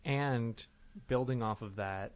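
A man's voice: medium pitch, takes it slowly. A man co-hosting a podcast, chatting casually and upbeat about improv. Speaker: podcast co-host. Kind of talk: casual chat.

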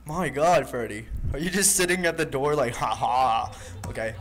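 A man's voice: a little high, animated, brisk, a bit bright. A man playing a horror game, joking and nervously talking to the monsters on screen, with a desk microphone. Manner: jumpy and jokey, talking to the animatronics. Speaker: gaming YouTuber. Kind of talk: horror game let's play commentary.

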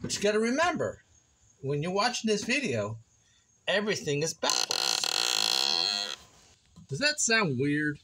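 A man's voice: a little high, wildly swooping pitch, measured pace, creaky, long pauses, very noisy. A man chatting casually to his viewers while building a wooden project at his kitchen table, playful and joking at himself. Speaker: woodworking vlogger.

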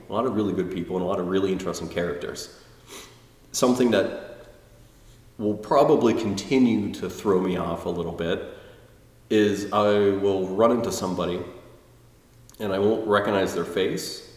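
A man casually reviewing a tai chi workshop, rambling and self-deprecating, with frequent restarts. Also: low voice. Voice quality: quiet, introverted. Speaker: tai chi video blogger. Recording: roomy, distant mic with long reverb.

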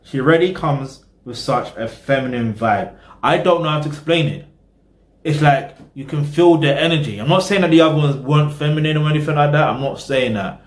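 A man's voice: a little high, brisk, echoey room. A man hosting a reaction video, rambling casually in slang and talking straight to his viewers.

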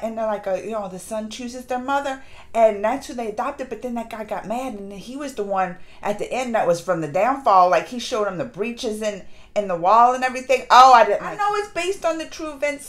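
A woman reviewing a movie in a casual vlog, gushing and excitable, with lots of fillers and restarts. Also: fairly high pitch. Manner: acts out lines in quick put-on voices. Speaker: movie reaction vlogger. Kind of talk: casual chat.

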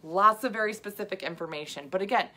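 Talking fast in a mid-range voice, a middle-aged woman health coach sounds bright and forceful as she chats casually with livestream viewers. She laughs often and her talk is loaded with asides and fillers.

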